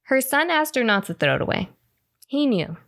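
A woman's voice: sits high, normal speed. A woman co-hosting a casual podcast, telling a spooky story and acting out the quotes with feeling. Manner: animated, acts out quotes. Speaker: podcast co-host.

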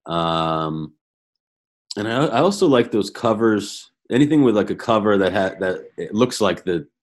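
A man's voice: lowish voice, a little slow. A man guesting on a podcast, telling stories in a casual chat, laughing often and restarting his sentences. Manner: animated storytelling, laughs often; repeats words, stumbles and restarts.

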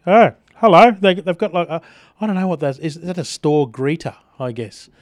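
Chatty Australian radio host, dry sound. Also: male voice, a little high, lively intonation, brisk, a little mellow, no echo. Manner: chatty storyteller, chuckles often. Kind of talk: casual radio chat and news reading. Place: radio studio.

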